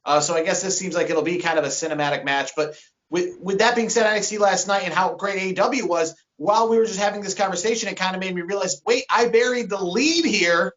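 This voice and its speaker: A man's voice: sits high, fast, fairly bright tone. A man co-hosting a wrestling podcast, chatting casually, steering the topics and asking his co-host questions. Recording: lo-fi sound.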